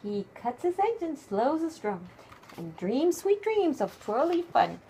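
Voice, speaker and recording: Animated woman reading a bedtime story. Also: high-pitched, unhurried, a little hiss or hum. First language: Japanese. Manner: animated, expressive, hushed at times. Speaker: parent reading a picture book aloud. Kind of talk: bedtime story read-aloud.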